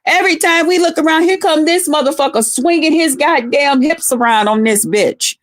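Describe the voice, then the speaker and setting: A woman's voice: sits high, normal speed. A woman livestreamer chatting casually with her viewers, telling rowdy stories full of cursing and greeting people by name. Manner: profane, rowdy storytelling with heavy cursing; talks straight to viewers, greeting them by name. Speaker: livestreamer talking to her chat. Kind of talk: casual live chat.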